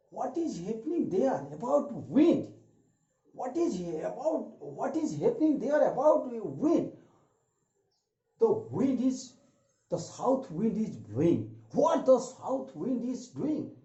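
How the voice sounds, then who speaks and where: A man teaching an English grammar lesson, repeating each example sentence slowly. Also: high-pitched, sing-song, dark tone. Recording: echoey room, dull lo-fi sound.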